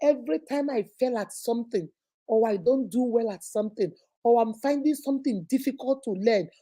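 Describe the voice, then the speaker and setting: A woman's voice: a little high, brisk, mellow. Emphatic woman giving advice. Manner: emphatic and preachy, acting out little scenes. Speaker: relationship talk host. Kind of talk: live advice talk to viewers.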